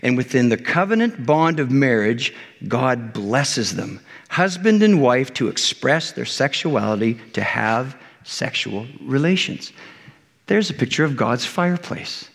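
A pastor preaching a conversational sermon, joking with the congregation and acting out quotes. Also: male voice, medium pitch, very animated, measured pace, gravelly, fairly bright tone, long reverb tail. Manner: conversational, jokey, with many restarts and acted-out quotes.

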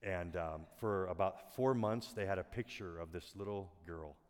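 A middle-aged man preaching a sermon as a pastor, earnest and soft-spoken, often dropping his voice almost to a whisper. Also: low voice, moderate pace. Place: church auditorium. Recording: long hall reverb.

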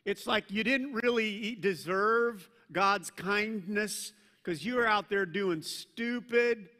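A male pastor preaching to a live congregation, with a bright, forceful voice pitched a little high. He talks like a conversation, teasing the room, then drops to a hush for emphasis. His words ring out with the long reverb of a church hall. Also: slow. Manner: swings between loud emphasis and hushed intensity. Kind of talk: sermon.

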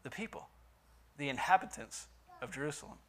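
A man's voice: a little high, expressive, a little fast. A man teaching a Bible study lesson in a conversational way, asking his listeners questions and reading scripture aloud with emphasis.

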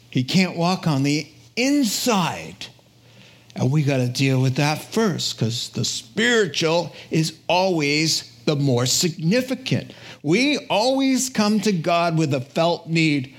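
A pastor preaching a sermon in an animated, emphatic, conversational way in a church. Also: male voice, on the high side, slow.

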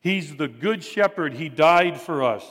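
Male pastor, sermon delivery, emphatic and repetitive, slightly high pitch, long hall reverb. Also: animated, a bit bright. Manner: measured, emphatic preaching with repetition.

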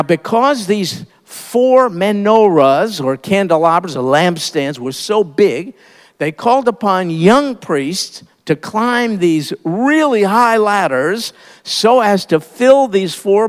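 A man with a high voice delivers a sermon at an unhurried pace. He leans on key phrases and repeats them for emphasis, and his voice rings with a long reverb. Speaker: preacher.

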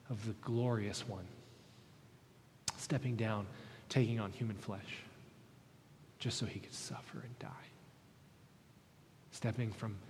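A man preaching as a pastor, reading scripture and praying in an earnest, measured way with deliberate pauses. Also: fairly low pitch, darkish tone, a little hiss or hum. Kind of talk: sermon with scripture reading and prayer. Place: church sanctuary. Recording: long hall reverb in a church.

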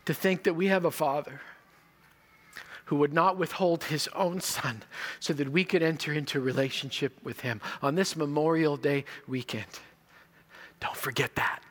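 A male pastor preaching a sermon, telling stories and moving between quiet moments and loud emphasis. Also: a little high, normal speed.

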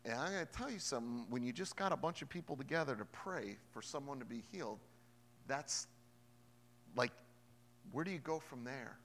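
Bright-voiced pastor preaching in a hall. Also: male voice, medium pitch, expressive, normal speed, slight background noise. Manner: emphatic, shifts from hushed storytelling to loud preaching. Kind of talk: sermon. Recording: long hall reverb.

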